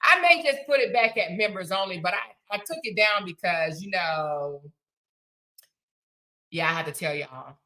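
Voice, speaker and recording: Emphatic bright-voiced woman livestream host. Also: on the low side, animated, measured pace. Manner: emphatic, repeats phrases, preachy then affectionate. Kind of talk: casual livestream chat reading super chats.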